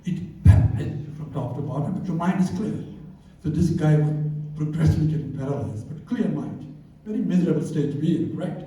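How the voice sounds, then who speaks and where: Older male speaker, mellow, unhurried storyteller; distant mic in a very roomy hall. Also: on the high side. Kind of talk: talk to a live audience. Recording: very echoey hall, voice from far off.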